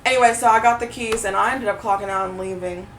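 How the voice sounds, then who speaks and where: Woman, podcast co-host, casual storytelling, animated, swears a lot, echoey room. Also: medium pitch, fast. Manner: animated, swears freely, acts out quotes. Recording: roomy echo, mic at a distance, faint noise.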